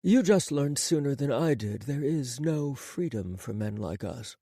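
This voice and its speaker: A man voicing a smooth-spoken, fatalistic former lover turned spy, calm and unhurried, in an audiobook reading. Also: mid-range voice, dry recording, clean studio sound. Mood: cool, wistful. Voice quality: smooth, accentless.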